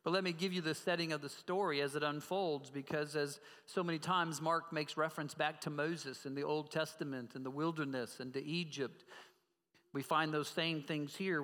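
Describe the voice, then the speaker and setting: A man's voice: on the high side, fairly bright tone, big-room sound. A man preaching a sermon as pastor, earnestly asking the congregation direct questions.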